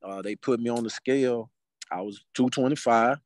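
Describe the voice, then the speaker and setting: A man sits as a podcast guest and tells his story in easy, casual talk. He acts out every voice in the tale with animation. His voice sits at an everyday middle pitch and sounds close and dry. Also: moderate pace, no echo. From Mobile, Alabama, US. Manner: animated, acts out dialogue in quotes.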